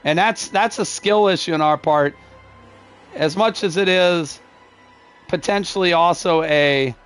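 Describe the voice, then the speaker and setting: An older male streamer with a surprisingly high voice for his gruff, curmudgeonly delivery. He breaks down a match live for his chat, stopping and restarting sentences and letting out easy chuckles between thoughts. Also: a bit bright, faint music behind. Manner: gruff, curmudgeonly-sounding, says he is not angry; halting, restarts phrases, chuckles often. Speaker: game streamer. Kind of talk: live gameplay commentary talking to chat.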